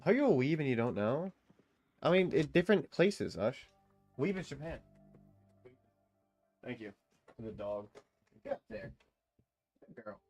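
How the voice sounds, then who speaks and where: Male streamer, mid-pitched voice, casual and profane with chat, faint music underneath. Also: very animated, unhurried, long pauses, a little mellow. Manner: loose, profane, bantering with chat. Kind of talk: casual live-stream chat while gaming.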